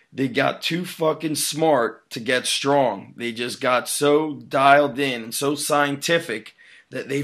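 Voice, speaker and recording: A man's voice: mid-range voice, fairly bright tone. A man hosting a podcast, asking long, rambling, fired-up questions in casual talk. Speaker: podcast host.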